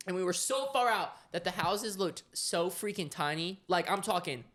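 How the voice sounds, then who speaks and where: A young man with a high voice tells a story on a podcast in a casual, animated way. He laughs often as he talks. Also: normal speed. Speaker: podcast co-host.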